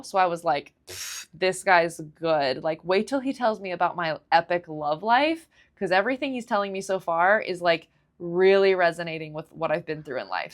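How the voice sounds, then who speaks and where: A woman hosting a solo podcast, telling a confessional story in an animated way, acting out her own reactions and filling her speech with "like.". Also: on the low side. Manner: heavy use of "like" fillers. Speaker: podcast host.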